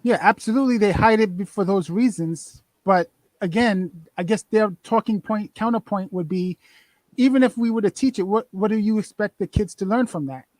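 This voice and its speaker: A man's voice: high-pitched, moderate pace, darkish tone, no room sound. A man in a casual discussion, raising counterpoints and questions.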